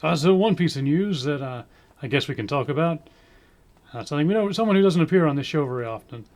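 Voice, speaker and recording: A man hosting in a casual chat, loose and unhurried, with many fillers. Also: fairly high pitch, lively intonation, darkish tone. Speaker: show host.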